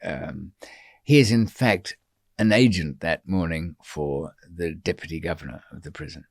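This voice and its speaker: Low, dry-voiced man telling stories. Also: normal speed, creaky, no room sound. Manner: hesitant, full of ums and restarts, wry. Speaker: podcast guest. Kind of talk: casual storytelling interview.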